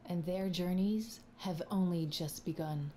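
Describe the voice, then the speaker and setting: A solemn woman narrator, as an actress voices her speaks slowly. Her voice is low and mellow. Faint ambience sits underneath. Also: slight background noise, close to an everyday voice.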